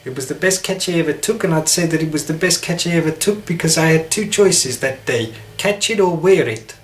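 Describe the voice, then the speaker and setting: A man's voice: fairly high pitch, fairly quick, reverberant, voice pushed up, lightly acted. A man putting on a clipped South African accent, playing a confident South African man recalling a catch. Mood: boastful. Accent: South African (imitated).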